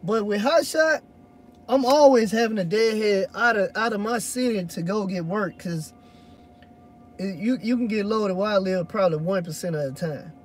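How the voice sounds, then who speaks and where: High-voiced rambling trucker. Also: male voice, normal speed, a little hiss or hum. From Louisiana. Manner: loose and rambling, swears when annoyed. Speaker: hotshot truck driver. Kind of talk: casual vlog chat answering viewers.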